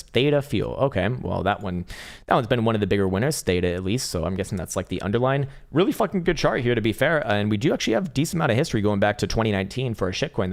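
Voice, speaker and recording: A young man talks through crypto charts on a live stream in a low, fairly deep voice. His talk is rambling and loose, full of swearing and laughter, and he breaks into high mock rants at the chat. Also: creaky. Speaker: crypto trading livestream host.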